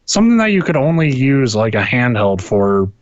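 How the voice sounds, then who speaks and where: A man's voice: mid-range voice, sing-song, normal speed, no echo, dull audio. A man co-hosting a podcast, chatting casually about video games in a rambling way, swearing often and restarting his sentences. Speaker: podcast co-host. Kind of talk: casual gaming chat. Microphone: internet call.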